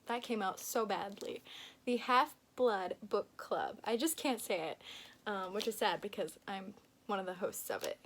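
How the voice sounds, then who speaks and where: A woman's voice: mid-range voice, moderate pace. A young woman book vlogger chatting casually and gushing as she unboxes gifts, giggling often.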